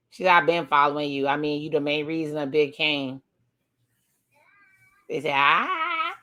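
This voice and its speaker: This woman hosts a reaction video in a low-pitched voice with a fairly bright tone. Chatty and casual, she retells scenes from a TV episode and exclaims along the way.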